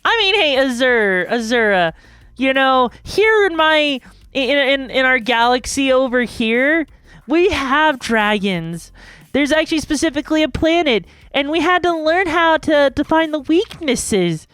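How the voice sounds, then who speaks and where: Bubbly high-voiced woman streamer. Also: expressive, measured pace, fairly bright tone, no room sound. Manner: bubbly, chatty, talks to chat, rambling asides. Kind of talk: casual live-stream chat. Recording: dry close mic, faint music behind.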